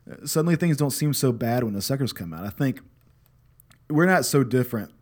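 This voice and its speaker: A man in his thirties tells a story from home in a loose, unscripted way, swearing freely and poking fun at himself. His voice sits at an ordinary middle pitch. He drifts into reflective advice, still relaxed and candid. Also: fairly quick. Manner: candid, profane, reflective, self-deprecating. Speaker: podcast host and father. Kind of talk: casual storytelling monologue.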